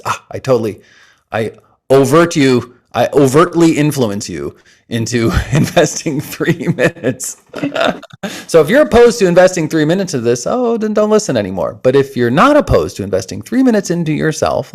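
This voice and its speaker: A man, an interview guest, talking with energy and laughter, then leading a breathing exercise in soft, slow instructions. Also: fairly high pitch, sing-song.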